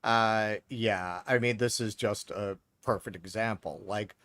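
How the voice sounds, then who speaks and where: A man's voice: fairly low pitch, fairly even intonation, unhurried, a bit bright, dry recording, studio quality. A man co-hosting a political commentary stream, casual and dismissive. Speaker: co-host.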